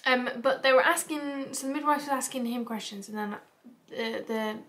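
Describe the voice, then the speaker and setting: A woman's voice: a little high, normal speed, a bit bright. A young British woman vlogging in a rambling, casual, confessional way, tearful and emotional. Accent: British English. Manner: chatty, rambling with fillers and asides.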